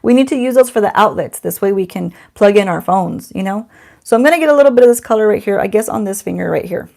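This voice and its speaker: A woman's voice: mid-range voice, lively intonation, fast talker, gravelly, darkish tone. A middle-aged woman doing a casual beauty unboxing at home, chatty and self-teasing, talking to the camera and to someone off camera. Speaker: beauty vlogger.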